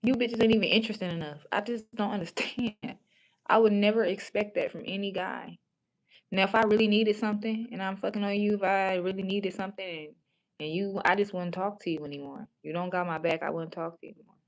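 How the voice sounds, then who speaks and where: A woman's voice: mid-range voice, steady tone, a little fast. Blunt, foul-mouthed woman streamer. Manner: blunt, profane and frank; rambling with many restarts. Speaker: livestream host. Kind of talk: casual chat on a livestream.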